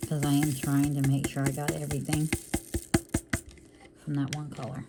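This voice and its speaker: A woman's voice: sits low, completely flat delivery, moderate pace, loud music behind the voice. A woman vlogging casually while she works on a craft, calling her viewers y'all and often breaking off to apologize or talk to herself. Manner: chatty, calls viewers y'all, apologetic asides; talks to herself while working. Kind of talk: casual chat while diamond painting.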